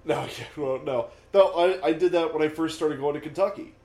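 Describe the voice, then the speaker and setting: A man's voice: fairly high pitch, brisk, a little mellow, reverberant. A man in casual conversation who jokes, swears and laughs often. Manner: joking, profane, laughs often. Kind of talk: casual chat.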